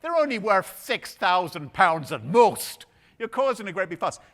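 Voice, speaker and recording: A man's voice: high-pitched, very animated, normal speed, a bit bright, pitched above the performer's own voice, full character voice. A man voicing a cocky Irish thief in a put-on Irish accent, joking and dismissive. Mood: breezy, dismissive. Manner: jokey stage-Irish banter. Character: cocky Irish male thief, jovial, brushing off blame.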